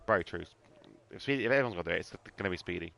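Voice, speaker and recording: Low-voiced man calling a sim race. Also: lively intonation, vocal fry, a bit bright. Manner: banter-heavy, swears casually, quick to laugh. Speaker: sim racing commentator. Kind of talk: casual live-stream commentary.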